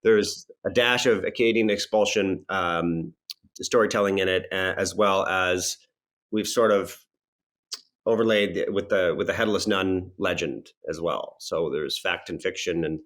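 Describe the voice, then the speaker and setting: A man, an actor and comedian, chatting as a podcast guest and telling stories in a lively way with frequent restarts. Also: sits low, unhurried. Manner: lively storyteller with laughs and restarts. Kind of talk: casual podcast interview.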